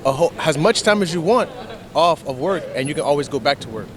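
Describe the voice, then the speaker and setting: A man speaks enthusiastically and emphatically in a street interview. His slightly high voice swings widely as he talks fast, with a clear crowd murmur around him. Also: expressive. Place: city street outdoors. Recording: busy street with crowd noise.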